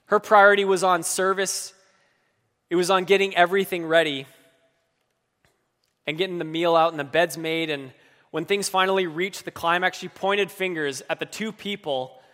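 A man's voice: sits high, pushed and bright. A man preaching a sermon in an earnest, personal way, acting out quoted pleas with feeling. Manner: earnest, acts out quoted pleas with rising emotion. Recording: long hall reverb.

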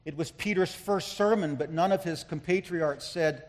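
Impassioned high-voiced male preacher, echoing hall. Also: normal speed. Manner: impassioned, building to loud emphatic climaxes. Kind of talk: sermon. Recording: long reverb of a large hall.

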